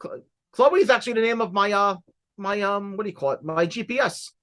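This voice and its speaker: A man's voice: high voice, fast talker, fairly bright tone. A man co-hosting a casual podcast, cracking jokes. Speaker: podcast co-host. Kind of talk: casual chat.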